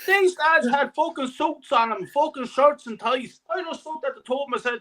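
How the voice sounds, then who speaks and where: A man's voice: very high voice, normal speed, few pauses, a bit bright. Ranting sweary caller, a man. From Ireland. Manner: angry, sweary storyteller. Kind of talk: ranting fan anecdote.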